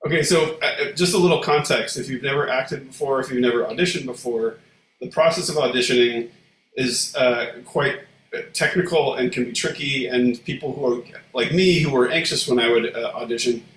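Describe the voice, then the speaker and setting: A man co-hosting a casual livestream in a rambling, relaxed way, with some swearing. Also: medium pitch, normal speed. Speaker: co-host. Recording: echoey room, faint noise.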